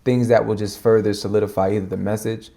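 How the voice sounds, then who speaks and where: A man, a minister talking fast and animated in slang, in a casual podcast conversation. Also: on the low side, gravelly.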